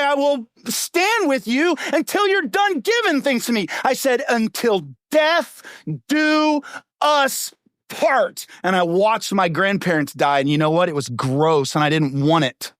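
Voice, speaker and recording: A middle-aged male pastor preaching a sermon in a punchy, conversational way, full of rhetorical questions and quick asides. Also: high voice, dry recording, clean studio sound. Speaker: lead pastor.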